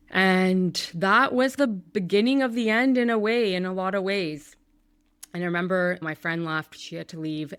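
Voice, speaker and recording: A woman's voice: low-pitched, vocal fry, no room sound. A woman podcast host in her thirties telling a painful personal story, candid and emotional, with some swearing.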